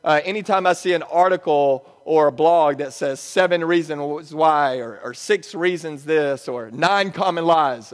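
A pastor preaching a sermon in a church, conversational and joking between points. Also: male voice, a little high, expressive, measured pace, big-room sound. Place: church sanctuary.

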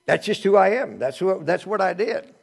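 A middle-aged male pastor preaching a sermon, animated, with joking asides and swings between loud and hushed delivery. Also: high-pitched, normal speed, gravelly, husky.

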